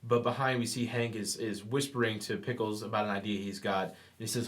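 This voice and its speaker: A man's voice: lowish voice, a little fast, few pauses, fairly bright tone. A man co-hosting a comic book podcast, retelling scenes and reading out quoted lines in casual chat. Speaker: podcast co-host.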